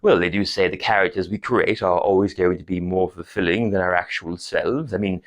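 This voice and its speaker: A man voicing a self-important comedian who talks in a hushed, affected and pompous way. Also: low-pitched, steady tone, fairly quick, pitched below the performer's own voice, natural voice.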